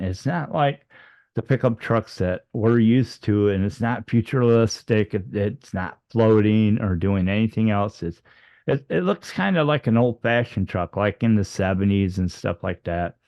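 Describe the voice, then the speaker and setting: A man's voice: fairly low pitch, darkish tone, no echo, lo-fi sound. A man telling a personal story, hesitant with many fillers and restarts.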